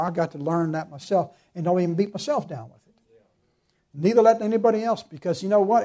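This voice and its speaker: A pastor delivers a sermon with earnest, emphatic conviction, quoting scripture along the way and pressing each point with steady fervor. His voice is slightly high yet dark and mellow.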